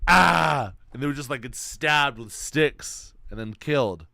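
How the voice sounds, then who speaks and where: A young man streaming, chatting casually in a rambling, slang-heavy, excitable way. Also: medium pitch, normal speed, no echo, studio quality. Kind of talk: casual chat.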